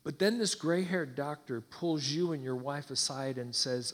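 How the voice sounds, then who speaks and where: A man preaching, telling a dramatic story in slow, hushed, intense phrases. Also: medium pitch, long reverb tail. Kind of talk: sermon storytelling.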